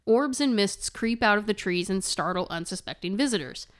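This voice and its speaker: A woman's voice: medium pitch, animated, normal speed, smooth. A woman with an American accent, co-hosting a podcast and reading ghost lore aloud, laughing and stumbling often. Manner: giggly, reads aloud with frequent laughs and stumbles. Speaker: podcast co-host.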